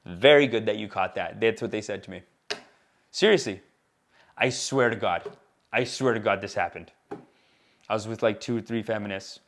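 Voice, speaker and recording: A man's voice: fairly low pitch, fairly even intonation, normal speed, long pauses, a bit bright. A young adult man who grew up in India, hosting a comedy podcast in a rambling, slangy monologue full of repeated asides.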